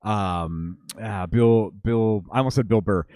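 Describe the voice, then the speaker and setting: A man's voice: fairly low pitch, a little slow, darkish tone, no room sound. Male guest, easygoing rambler, swears casually, dry mic. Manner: laid-back, profane, rambling. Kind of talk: casual live-stream banter.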